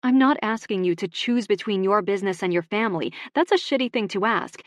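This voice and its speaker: A woman's voice: medium pitch, fairly quick, no echo, studio quality, natural voice. A woman narrator voicing an earnest young woman who runs a shop, speaking in a raised, pleading tone.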